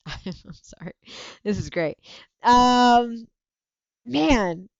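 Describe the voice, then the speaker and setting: A woman's voice: a little high, extremely slow, vocal fry, dry recording, muffled recording. A woman hosting a livestream, chatting casually and reacting to viewer comments with frequent laughter. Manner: animated, laughing often, self-interrupting. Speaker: livestream host.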